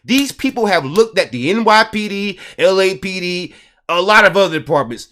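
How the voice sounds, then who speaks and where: A man's voice: high-pitched, animated, moderate pace, pushed and bright. A man hosting a commentary video, talking emphatically and repeating words for stress. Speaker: host.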